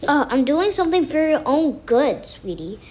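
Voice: sits high, very animated, moderate pace, darkish tone, slight background noise. A child playing a bossy, curt mother. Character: strict, mean mother of a young girl. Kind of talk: toy-game role-play voice-over.

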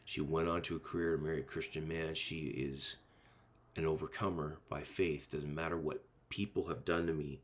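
A man's voice: low voice, fairly bright tone. A male pastor preaching a sermon in an earnest, emphatic way, driving points home with repeated rhetorical phrases.

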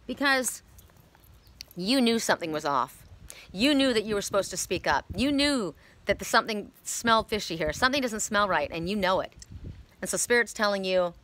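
Chatty woman doing a card reading outside, bright tense voice, rambly and blunt. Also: medium pitch, lively intonation, normal speed. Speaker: oracle card reader. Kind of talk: casual spiritual card reading. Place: outdoors.

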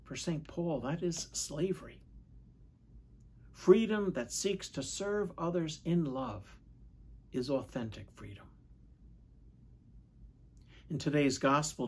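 A man, a priest, giving a measured, reflective Sunday homily and asking questions of his listeners. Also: mid-range voice, husky. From United States.

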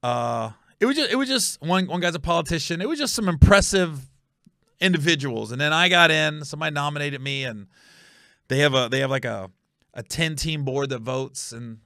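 A middle-aged man from Ohio hosts a comedy podcast, telling stories in an animated, emphatic way with quick asides and self-corrections. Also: on the high side, creaky, no echo, clean studio sound. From Ohio, USA.

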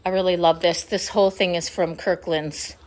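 A woman's voice: on the low side, fairly even intonation, moderate pace, a little mellow. A woman giving a casual, rambling tour of her home decor, a little out of breath and apologetic, filmed on a handheld phone indoors. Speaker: home vlogger. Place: inside a house.

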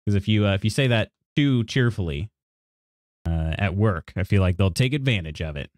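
A man chatting on a stream in a dry, close voice, with pitch that swings up and down. He rambles through half-finished sentences, apologizes and laughs often. He reads chat messages aloud. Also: animated, normal speed, darkish tone, no echo. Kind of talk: casual chat with viewers.

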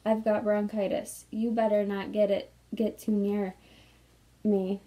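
A woman voicing a small, polite, earnest male mouse who is sick with a sore throat, in a gentle storybook reading. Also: medium pitch, level tone, a little slow, natural voice, low-quality recording.

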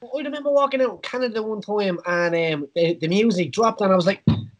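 A man's voice: high-pitched, fairly quick. An Irish man hosting a podcast in casual chat, rambling with many fillers and frequent laughs. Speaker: podcast host, former fighter.

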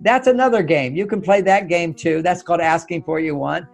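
A man's voice: fairly high pitch, fairly quick, vocal fry, faint music behind. A man as an interview guest, giving relationship advice step by step and acting out example dialogues. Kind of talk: advice explanation in conversation.

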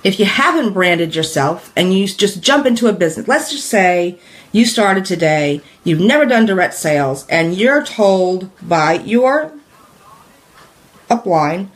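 A woman teaching in a live stream, talking casually with many fillers, asking viewers questions, repeating her points and laughing lightly. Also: medium pitch. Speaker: direct sales business coach.

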